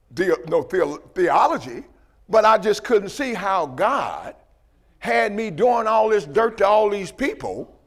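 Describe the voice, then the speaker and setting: A man's voice: sits high, a bit bright. A man preaching a testimony sermon, emphatic and repetitive, often asking "you know what I mean" and restarting his words.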